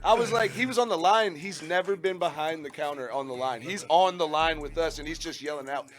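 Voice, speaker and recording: Animated, profane male storyteller. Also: fairly high pitch, brisk. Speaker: radio show host. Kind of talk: casual storytelling chat.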